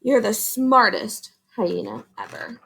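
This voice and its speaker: A woman's voice: a little high, slow, gravelly, a bit bright, slightly rough, exaggerated voice. A woman voicing a loving mother hyena in a storybook read-aloud, doting and fussy.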